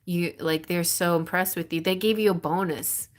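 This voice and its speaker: A woman with a somewhat low voice gives a live-streamed tarot reading. She rambles in an excitable way and often breaks off and restarts her phrases. The tone is casual and spoken straight to the viewer. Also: normal speed. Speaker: tarot reader.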